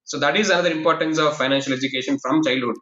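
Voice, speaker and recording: A man's voice: on the high side, fairly even intonation, rapid-fire, crowd noise. A man, a guest in an interview, who explains his points earnestly and stacks them in lists. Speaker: guest, professor and quiz master. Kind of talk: casual interview conversation. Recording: echoey, dull lo-fi call audio.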